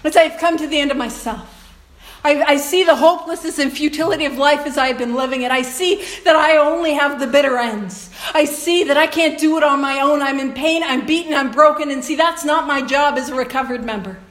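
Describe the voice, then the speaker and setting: A woman's voice: high-pitched, a little fast, fairly bright tone. A woman speaking to a recovery meeting in an earnest, conversational way, often laughing and addressing the room directly. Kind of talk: personal talk to a meeting. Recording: echoey room recording.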